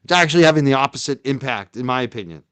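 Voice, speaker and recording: A man hosting a live stream, reacting to a video in loud, heated commentary and ranting close to his mic. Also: mid-range voice, lively intonation, very fast, smooth, no room sound.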